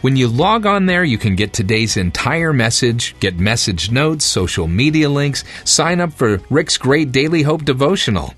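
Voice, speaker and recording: A man's voice: medium pitch, sing-song, normal speed, few pauses. A male program announcer reading a friendly scripted promo. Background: soft music bed.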